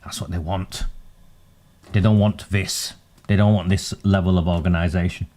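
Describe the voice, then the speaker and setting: A man hosting a political commentary livestream, speaking in a deep, low register. His tone is dark and mellow. He talks earnestly and pointedly, with the occasional wry aside. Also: fairly even intonation, normal speed.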